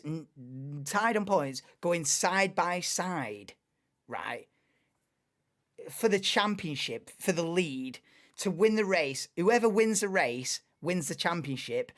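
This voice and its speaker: A young woman hosting a live watchalong stream, chatting in a rambling, excitable way and laughing often. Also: low-pitched. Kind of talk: casual live watchalong chat.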